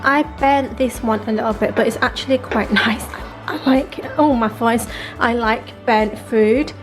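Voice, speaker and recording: Chatty high-voiced woman. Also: normal speed, over music. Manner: chatty, relaxed, often says um and like. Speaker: vlogger cooking at home. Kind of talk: casual chat. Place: home kitchen.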